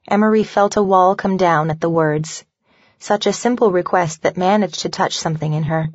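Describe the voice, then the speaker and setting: A woman narrating a novel in an even, measured storytelling voice. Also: on the low side, no room sound. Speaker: audiobook narrator. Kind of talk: scripted narration. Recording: dull lo-fi dry recording.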